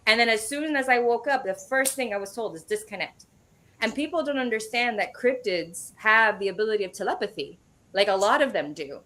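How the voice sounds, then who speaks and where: Animated woman telling a spooky story. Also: fairly high pitch, fairly quick. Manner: animated storytelling with casual swearing. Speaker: guest medium. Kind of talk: casual storytelling interview.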